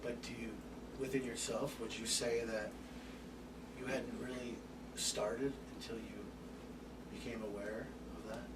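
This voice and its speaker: Animated male lecturer, distant and hissy. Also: medium pitch, unhurried, pauses often, echoey room. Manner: animated, swears casually, acts out little scenes. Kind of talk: open forum lecture. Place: room with an audience. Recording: distant mic with background hiss.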